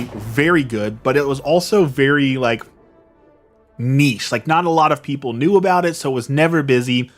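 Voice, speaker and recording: A man's voice: medium pitch, a bit bright. A man hosting a gaming video, telling a casual rambling story and repeating his words as he goes. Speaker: gaming channel host. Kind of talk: casual story time over gameplay.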